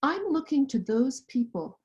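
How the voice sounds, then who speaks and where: A woman's voice: high-pitched, sing-song, unhurried, dark tone. A woman guest in an interview, speaking in an earnest, impassioned way. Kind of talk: interview conversation. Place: lives in Central Europe. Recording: dull, muffled audio.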